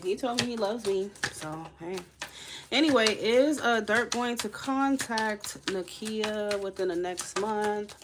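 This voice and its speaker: A woman's voice: mid-range voice, slow pace, background noise. A woman reading tarot on a live stream, chatting casually with viewers and laughing often. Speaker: tarot reader.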